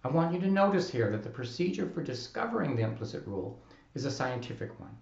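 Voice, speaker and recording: Man lecturing with lively pitch, roomy sound. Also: muffled recording. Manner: clear, measured explanatory delivery with careful enunciated examples. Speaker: linguistics professor. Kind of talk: recorded lecture.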